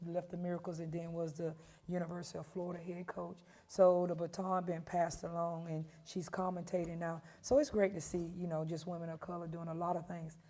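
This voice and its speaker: A woman in her fifties, a head coach, telling stories in an emphatic, animated way during an interview. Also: lowish voice. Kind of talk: storytelling interview.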